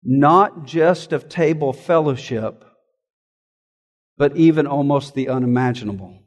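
A man's voice: mid-range voice, a little slow, big-room sound. A man, a pastor, preaching a sermon in an earnest, emphatic way, often asking rhetorical questions.

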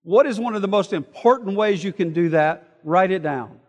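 A man preaching an expository sermon, explaining word meanings and reading scripture aloud, moving between loud emphasis and quiet asides. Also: high voice, moderate pace. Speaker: pastor. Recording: hall reverb.

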